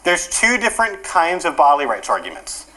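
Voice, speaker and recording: A male workshop speaker explains ideas at a brisk clip. His pitch swings lively and expressive, and he keeps the room engaged with an animated delivery. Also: low-quality recording. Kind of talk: conference workshop lecture.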